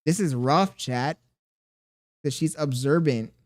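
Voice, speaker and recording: A man's voice: on the high side, takes it slowly. Playful male streamer talking to chat. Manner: reads chat comments aloud and coos to a baby; playful, mock self-pitying. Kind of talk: casual livestream chat.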